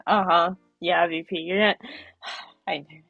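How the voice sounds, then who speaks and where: A young woman streaming a horror game, reading the text aloud and reacting with laughs, in an animated, husky voice. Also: fairly low pitch, unhurried, no echo, lo-fi sound, soft background music.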